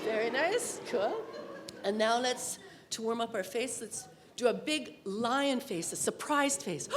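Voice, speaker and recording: A woman leading a congregation through playful vocal warm-ups, with encouraging cues and sung exercises. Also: on the high side, expressive, a little slow, noisy background. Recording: echoey hall with loud instrument.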